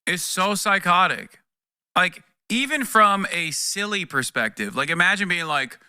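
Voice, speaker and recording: Bright-toned, exasperated ranting man. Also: sits high, expressive, measured pace, clear, resonant tone, dry recording, clean studio sound. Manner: profane, exasperated, talks in bursts with restarts. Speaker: streamer commentator. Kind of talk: casual political commentary rant.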